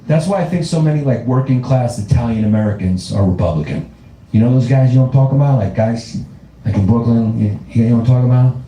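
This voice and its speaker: A man's voice: medium pitch, quick pace, dark tone, slight background noise. A man doing a stand-up comedy set, riffing profanely and laughing through his own jokes. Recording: roomy club with live audience.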